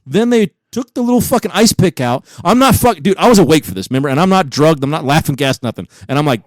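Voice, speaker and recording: A man in his forties, co-hosting a podcast, telling stories in a profane, animated way and laughing often. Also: a little high, quick pace, hardly any pauses, dry recording, studio quality. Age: 40s. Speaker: podcast co-host. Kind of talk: casual chat.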